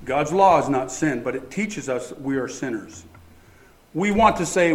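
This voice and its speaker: Animated male preacher in an echoey room. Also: a little high, measured pace. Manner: animated preaching with rhetorical questions. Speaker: pastor. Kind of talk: sermon.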